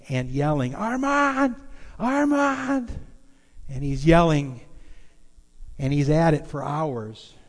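A man's voice: medium pitch, a little mellow, long reverb tail. A man preaching a sermon, telling a story in a loose, conversational way. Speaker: pastor.

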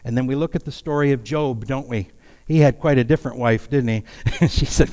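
A man's voice: mid-range voice, moderate pace, mellow, long reverb tail. A man preaching a sermon in a folksy, self-deprecating way, with light humor. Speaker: pastor.

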